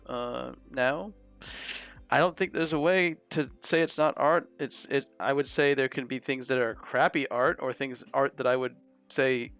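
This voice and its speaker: A man with a gravelly, fry-heavy voice co-hosts a casual online chat show, working his thoughts out aloud and padding them with fillers. Faint music plays underneath. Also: mid-range voice, a bit bright. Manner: rambling, thinks aloud with many fillers. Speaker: co-host.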